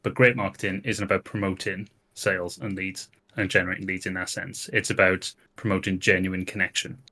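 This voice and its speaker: Male panel guest with a very low, bright, forceful voice, confident and preachy. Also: little pitch movement, brisk. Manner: confident, lecturing, emphatic. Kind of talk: casual panel chat.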